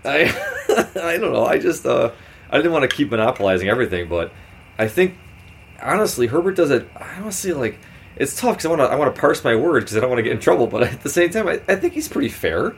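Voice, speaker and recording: A man co-hosting a podcast who laughs easily and rambles along, poking fun at himself. His pitch jumps around a lot as he talks. A faint hiss of noise sits behind his voice. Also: sing-song, fast talker, gravelly. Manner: laughs often, rambling and self-deprecating. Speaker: podcast co-host. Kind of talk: casual chat.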